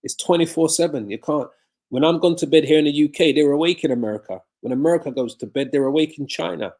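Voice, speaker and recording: A man preaching from his home on a live video, with a voice pitched a little high. He asks questions and answers them himself. He hammers home his points by repeating phrases. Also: fast talker, darkish tone. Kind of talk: sermon-style Bible teaching on a live video.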